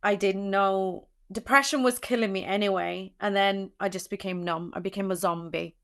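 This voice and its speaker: A woman's voice: mid-range voice, fairly even intonation, normal speed, fairly bright tone. A young adult woman, a podcast guest, tells a personal story in an emotional way, teary at times, with many restarts and fillers.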